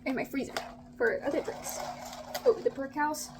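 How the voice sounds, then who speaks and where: A young woman vlogging about food in a casual, gushing, excitable way, with drawn-out exclamations. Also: high-pitched, very noisy.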